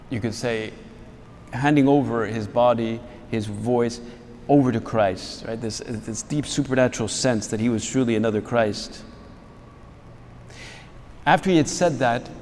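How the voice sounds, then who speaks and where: Reflective priest in a reverberant hall. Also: male voice, mid-range voice, a little mellow. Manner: reflective, searching for words with frequent restarts. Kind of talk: spiritual talk to fellow priests.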